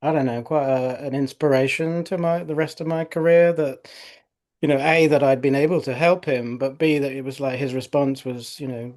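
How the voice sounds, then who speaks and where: A man's voice: medium pitch, fairly even intonation, moderate pace, a little mellow. Rambling middle-aged male osteopath. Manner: rambling, many fillers and restarts. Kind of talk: interview anecdote.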